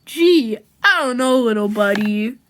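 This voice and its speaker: A gentle, folksy comic-book sidekick, as a woman reading puts him on, speaking lower than her own voice. He sounds slow and good-natured, full of gee-whiz wonder. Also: animated, a little hiss or hum.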